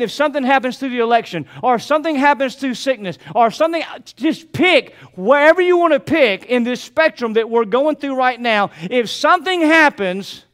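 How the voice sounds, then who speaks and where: A man's voice: very high voice, a bit bright. An older man preaching a sermon as pastor, repeating phrases and calling out to his congregation.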